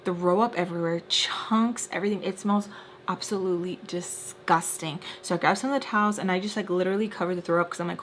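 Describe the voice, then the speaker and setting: A young woman telling a casual storytime while doing her makeup, chatty and full of "like," sometimes dropping into hushed asides. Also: on the low side, steady tone, fairly quick, a little hiss or hum. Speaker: storytime vlogger.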